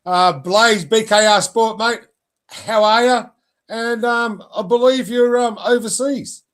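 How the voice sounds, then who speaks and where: A man's voice: very high-pitched, fairly even intonation, slow pace, fairly bright tone, clean tone. A man hosting a casual sports podcast, rambling and joking at his own expense, often stumbling over words. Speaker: podcast host.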